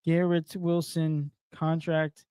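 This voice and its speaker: A young man co-hosting a casual sports podcast, excitable and quick to laugh, swearing lightly. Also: on the high side, clear, resonant tone, dry recording, clean studio sound. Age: young adult. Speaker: podcast co-host. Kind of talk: casual chat. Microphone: home streaming setup.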